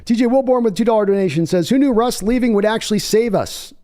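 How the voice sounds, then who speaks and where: A man's voice: sits high, fast, dark tone. A man hosting a live sports reaction stream, reading donations aloud and rambling through his analysis with frequent restarts. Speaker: sports fan channel host.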